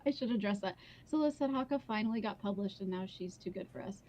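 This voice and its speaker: A woman's voice: medium pitch, fast, a little mellow. A young woman streaming live, chatting casually and laughing as she answers her viewers' comments. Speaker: streamer and book reader. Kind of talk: casual livestream chat.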